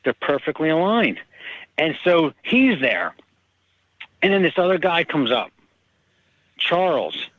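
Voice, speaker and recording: A man, an author, telling personal stories in casual conversation and lively acting out the people in them. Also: on the high side, slow, long pauses, no room sound, muffled recording. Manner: animated, acts out quoted people. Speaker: author guest. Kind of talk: casual storytelling.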